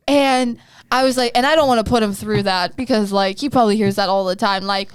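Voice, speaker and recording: A woman's voice: on the high side, a little fast, smooth, no echo. A young woman co-hosting a podcast, telling stories in a chatty, giggly way with many restarts. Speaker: podcast co-host. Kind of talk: casual chat.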